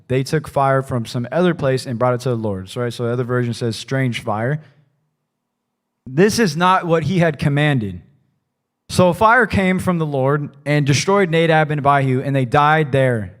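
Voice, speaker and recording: A man preaching a conversational sermon in a church, talking casually and loosely, often adding "like" and "right?". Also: fairly high pitch. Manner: casual, rambling, peppered with "like" and "right?". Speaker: pastor.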